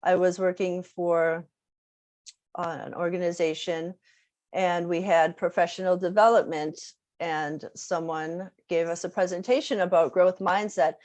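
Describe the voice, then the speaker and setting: Slow, low-voiced woman music teacher. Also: fairly even intonation, darkish tone. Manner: conversational, many fillers and tag questions. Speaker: music teacher giving a workshop. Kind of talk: casual online presentation.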